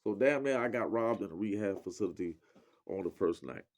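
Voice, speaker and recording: A man telling a personal story in a casual, profane, animated way, acting out the lines of other people. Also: fairly low pitch, a little fast.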